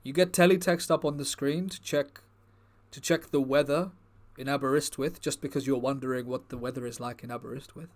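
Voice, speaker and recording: A man playing a brooding, self-serious male war-veteran comedian, with a solemn, halting, grave delivery. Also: medium pitch, steady tone, natural voice.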